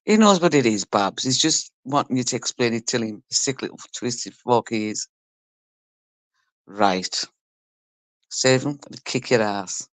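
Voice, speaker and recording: A woman livestreaming casual chat reads her audience's comments and teases them, laughing and sometimes swearing. Her extremely low voice is expressive and unhurried, with long pauses, in a dry recording.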